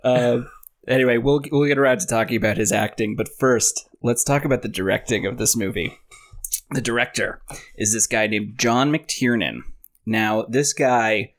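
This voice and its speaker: A man hosting a casual movie podcast, sharing trivia in a relaxed, joking way. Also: mid-range voice, moderate pace. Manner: relaxed, shares trivia, jokes around. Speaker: podcast host.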